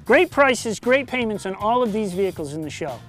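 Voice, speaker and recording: A man's voice: sits high, very animated, moderate pace, soft background music. A man co-hosting a local TV car-sales show, upbeat, listing features and urging viewers to hurry in. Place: car dealership lot.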